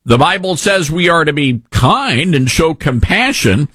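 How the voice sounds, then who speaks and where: Fired-up guy ranting on his show, husky voice, lots of ups and downs, dry close sound. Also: fairly high pitch, sing-song, measured pace, fairly bright tone, dry recording. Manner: indignant, preachy, quotes scripture. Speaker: commentary show host. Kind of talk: opinionated commentary.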